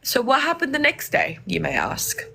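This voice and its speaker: A young woman from Lebanon telling animated stories in casual chat, acting out the people she quotes. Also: high-pitched, normal speed, gravelly, slight background noise. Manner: animated, acts out voices in quoted dialogue. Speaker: podcast guest. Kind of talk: casual storytelling.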